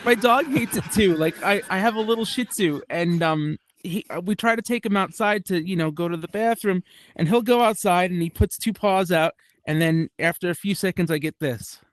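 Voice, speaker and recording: A man's voice: high-pitched, moderate pace. A man doing a stand-up comedy set at a club, rambling and self-deprecating with many restarts and asides. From United States.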